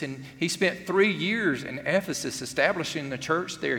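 Earnest pastor in a reverberant hall. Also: male voice, fairly high pitch, vocal fry, a bit bright. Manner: earnest, conversational, acts out quotes. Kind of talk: sermon.

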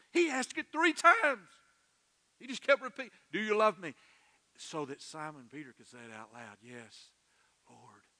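A middle-aged male pastor preaching a sermon in a church, earnest and emotional, dropping soft and then swelling loud. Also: a little high, big-room sound. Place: church sanctuary.

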